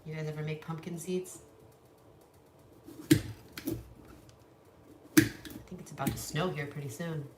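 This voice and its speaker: Low-voiced, profane woman vlogger. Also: fairly even intonation, measured pace, pauses often. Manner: blunt and profane, cooing to her dogs. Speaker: livestream vlogger. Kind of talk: casual livestream chat. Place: home, in a room. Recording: echoey room, mic at a distance, noisy.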